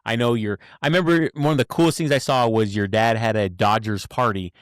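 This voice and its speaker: A man in his forties hosts a casual chat, telling animated stories and dropping "bro" along the way. His voice sits on the low side. The sound is dry and close, with no room around it. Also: fairly quick, no room sound. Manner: animated storytelling, says "bro" often. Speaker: podcast host.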